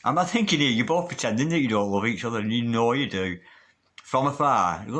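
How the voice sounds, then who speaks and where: A man's voice: medium pitch, expressive, fast, fairly bright tone. A man giving a tarot card reading in a chatty, emphatic way, swearing casually as he goes. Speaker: tarot reader.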